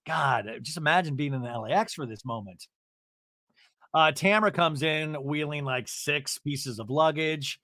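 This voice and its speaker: A man's voice: a little high, measured pace, dry recording, clean studio sound. A man hosting a podcast, recapping a reality show in a casual, comic way, acting out the cast's lines and swearing freely. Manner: animated, swears, acts out cast members' lines. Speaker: podcast host.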